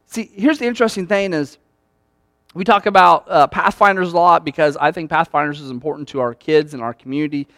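A man preaching a sermon as pastor in a conversational, animated way, often acting out quoted lines. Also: fairly high pitch, fairly quick, no room sound.

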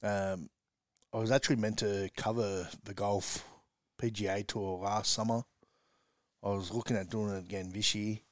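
Aussie bloke, coach, spinning yarns, lowish voice, dry sound, mate this mate that. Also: male voice, moderate pace, no room sound. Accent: Australian. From Western Sydney, Australia. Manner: chatty, says "mate" constantly, animated storyteller. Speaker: rugby league coach, guest. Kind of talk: casual storytelling interview.

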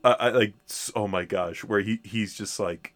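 A man co-hosting a podcast in casual chat, animated and laughing often, with quick bursts of mimicry. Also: fairly low pitch. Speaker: podcast co-host.

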